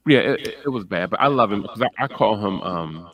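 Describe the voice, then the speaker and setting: A man co-hosting a casual podcast about a TV series, animated and given to stammered restarts. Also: brisk. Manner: animated, often slips into high-pitched quoted voices; stammers and restarts when excited. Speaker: podcast co-host. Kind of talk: casual chat reviewing a TV series.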